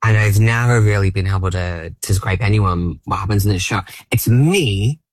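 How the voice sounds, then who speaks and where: A man in his thirties with an Australian accent, a comedian rambling in a self-deprecating way. His voice is low and husky. The sound is dry and close. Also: moderate pace, no room sound. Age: 30s. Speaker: stand-up comedian, guest. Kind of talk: casual interview chat.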